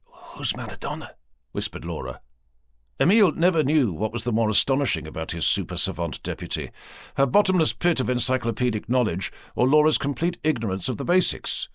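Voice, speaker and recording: Expressive male audiobook narrator, dry close sound. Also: mid-range voice, quick pace, no room sound. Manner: expressive storytelling. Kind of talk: scripted narration.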